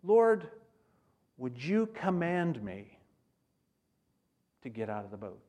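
A middle-aged man from the United States preaching a sermon as a missionary, acting out prayers and rising to loud exclaims. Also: medium pitch, big pitch swings, slow pace.

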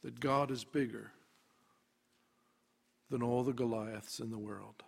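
A man preaching a sermon, dramatic, dropping to a hush and then rising to loud emphasis. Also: medium pitch, steady tone, takes it slowly, creaky, breathy edge.

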